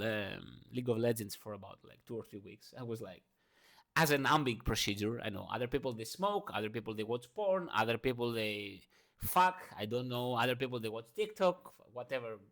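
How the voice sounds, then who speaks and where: A man with a mid-pitched voice delivers an unscripted morning rant in non-native English. He is emphatic and profane, jumping between loud bursts and quiet mutters, with many fillers and restarts. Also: animated, normal speed. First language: not English. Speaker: vlogger.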